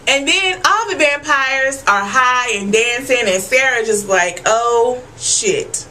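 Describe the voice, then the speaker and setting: High, bright-voiced woman reviewing TV. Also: a little slow, a little hiss or hum, rough recording. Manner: animated, profane and emphatic, addressing viewers as y'all. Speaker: TV episode reviewer. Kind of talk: casual TV recap vlog.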